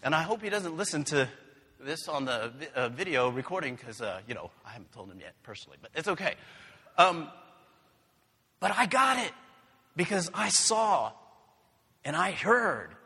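A man's voice: on the high side, very animated, normal speed, pauses often, bright, forceful tone, breathy edge, long reverb tail. A man preaching a sermon in an earnest, conversational way, telling family stories. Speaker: pastor.

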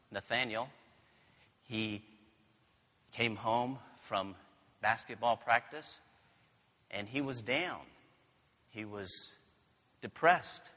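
A male pastor preaching slowly and earnestly in a bright, fairly high voice. He talks in a chatty way and weaves in stories from home. A long hall reverb trails every phrase. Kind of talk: sermon.

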